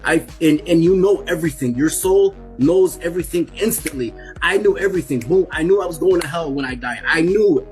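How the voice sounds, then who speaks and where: A guest in his forties gives a personal testimony, telling it emphatically and repeating himself often. His voice is fairly high-pitched and a little mellow.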